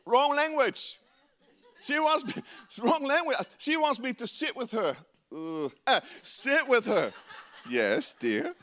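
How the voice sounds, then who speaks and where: A man with a Dutch accent preaching a sermon, playful and animated, often laughing at himself. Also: very high-pitched, takes it slowly. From Netherlands.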